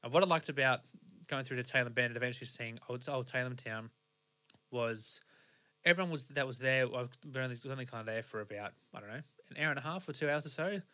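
A young man with an Australian accent tells his story in a loose, meandering way, circling back and restarting his sentences. His voice sits at an ordinary pitch with a bright, forward edge. It is a casual podcast monologue. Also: fast. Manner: rambling, many fillers and restarts. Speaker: podcast host.

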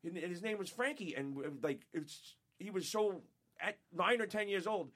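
Guest: man from upstate New York, fairly high voice, swears freely, acts out quotes while telling radio stories. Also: normal speed. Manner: profane, animated, laughing, acts out quotes. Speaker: guest, former radio show staffer. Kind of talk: casual storytelling chat.

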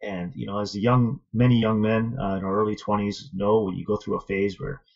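A man with a low, gravelly, husky voice tells a personal story as a guest in an earnest, reflective way. The audio is dull and lo-fi. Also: flat delivery, darkish tone. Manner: earnest, thoughtful, measured. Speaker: interview guest, martial arts student.

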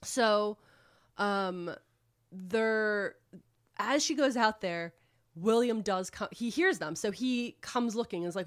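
A woman co-hosts a podcast and recaps a novel's plot in loose, rambling chat. She leans on filler words and curses freely as she tells it, with a voice of middle pitch. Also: slow. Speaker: podcast co-host. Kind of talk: casual book recap chat.

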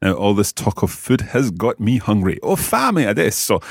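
A man's voice: lowish voice, big pitch swings, moderate pace, creaky. A man hosting a language-lesson podcast as the teacher, with an enthusiastic, teacherly delivery.

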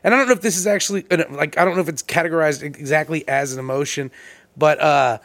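A man with a notably high voice co-hosting a podcast, full of crude teasing. He stumbles over repeated words as he talks. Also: quick pace, fairly bright tone. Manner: crude teasing, stammering restarts. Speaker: podcast co-host. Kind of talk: casual podcast banter.

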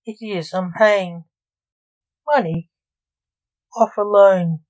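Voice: mid-range voice, very slow, a little mellow, no room sound, poor audio. A woman voicing an irritable older male stage magician who scolds his son. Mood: calm.

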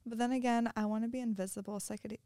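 A woman's voice: fairly high pitch, fairly even intonation, racing, dark tone, no echo, clean studio sound. A young woman chatting as a podcast guest, blunt and laughing easily. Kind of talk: casual podcast chat.

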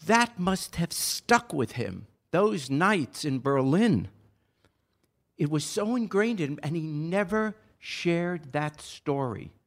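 A man's voice: a little high, very animated, takes it slowly. Earnest older man telling a story. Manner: earnest, grows impassioned and pleading. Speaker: podcast host. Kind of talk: casual personal storytelling.

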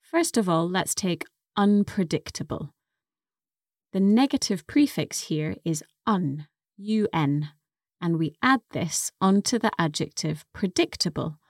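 A woman's voice: on the low side, animated, measured pace, no echo, clean studio sound. A woman co-hosting an English lesson podcast, carefully explaining vocabulary and pronunciation. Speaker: co-host and English teacher.

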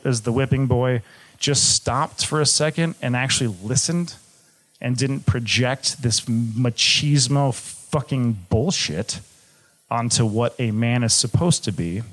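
A young man from Michigan telling a personal story on stage, candid and swearing freely, moving between jokes and gravity. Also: medium pitch. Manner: candid, swearing, shifts from jokey to grave. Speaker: live storyteller.

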